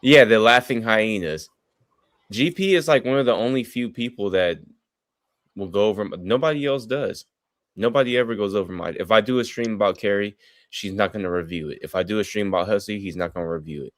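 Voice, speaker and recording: A man with a lowish voice talks over a call mic in a dry, close sound. He jokes bluntly and swears freely in casual banter. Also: brisk, no echo. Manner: joking, blunt, profane banter. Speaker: streamer. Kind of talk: casual group chat on a livestream.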